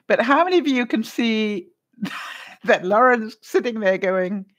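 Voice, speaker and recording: A woman's voice: a little high, expressive, measured pace, a bit bright. A woman hosting a casual live stream, chatting with viewers, laughing often and acting out other people's lines. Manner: laughs often while telling a story; greets viewers in the live chat.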